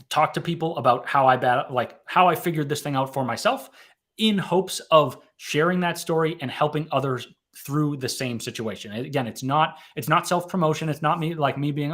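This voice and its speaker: A man's voice: on the high side, normal speed, fairly bright tone. A man in his thirties, an author and mental health advocate, telling his story in a casual interview, rambling and correcting himself with frequent "right?" tags.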